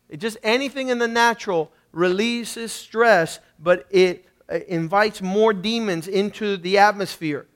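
A male pastor delivers an emphatic sermon in a strikingly high voice. He calls on the congregation to repeat after him and swings between loud emphasis and quiet asides. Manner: emphatic preaching with congregation call-and-response.

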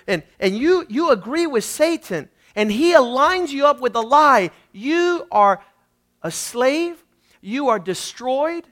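A man preaching a sermon with strong emphasis, calling on the congregation to repeat after him and swinging between loud emphasis and quiet asides. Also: very high voice, lively intonation, moderate pace. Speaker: pastor.

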